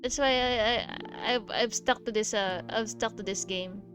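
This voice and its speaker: A woman's voice: medium pitch, normal speed, a bit bright, soft background music. A woman streamer chatting casually over gameplay, gushing, with many fillers and giggles.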